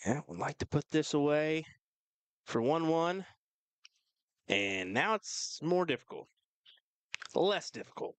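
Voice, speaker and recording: A man's voice: fairly high pitch, slow, long pauses, no echo. Man co-commentating darts, teasing. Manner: relaxed, teasing banter. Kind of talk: live sports commentary.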